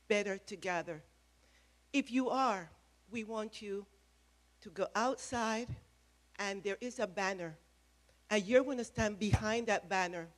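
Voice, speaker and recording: A woman giving a passionate speech from a podium at an event, emphatic and repeating phrases. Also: mid-range voice. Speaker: speaker at a press event. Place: event room with an audience. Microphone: podium microphone.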